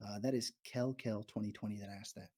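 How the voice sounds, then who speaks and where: A man's voice: lowish voice, fairly even intonation, brisk, mellow, a little hiss or hum. A nervous man rambling and laughing as he answers viewer questions during a live stream from an abandoned morgue. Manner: nervous, rambling, giggly, self-deprecating. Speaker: YouTuber livestreaming to fans.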